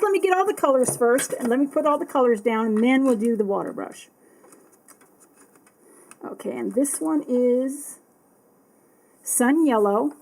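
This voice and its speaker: A bubbly, excitable woman chatting casually as she unboxes art supplies, often apologizing. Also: fairly high pitch, a little hiss or hum, low-quality recording. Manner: reads product text aloud.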